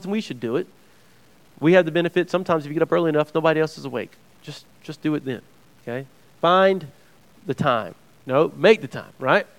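Man, slightly higher voice, conversational preacher teaching scripture, loose and talky. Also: clear, resonant tone. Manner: chatty, restarts phrases, checks in with "right?". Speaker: preacher teaching a Bible study. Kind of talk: conversational sermon.

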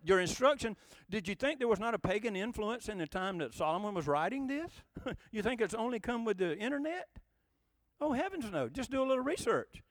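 Here a pastor with a high voice addresses his congregation in a homey, conversational sermon full of rhetorical questions. His tone is emphatic, and there is no room sound.

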